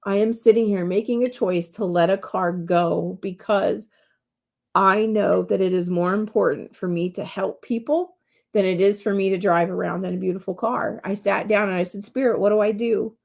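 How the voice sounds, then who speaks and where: A woman's voice: mid-range voice, fairly even intonation, moderate pace, creaky, a little mellow. A woman podcast host and medium telling a personal story in an earnest, candid, heartfelt way from her home office.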